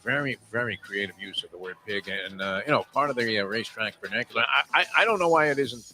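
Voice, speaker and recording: An older man hosting a morning radio show, telling rambling stories with lots of "uh" fillers and shouting out quoted lines. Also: lowish voice, lively intonation, fast, slight background noise. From South Florida resident for over forty years. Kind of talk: casual morning radio chat.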